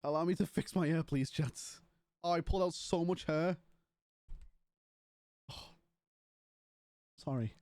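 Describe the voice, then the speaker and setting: A man's voice: on the high side, a little slow, pauses often, a little mellow, no echo, studio quality. A young British man chatting casually and a bit scatterbrained to his live-stream chat. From Britain.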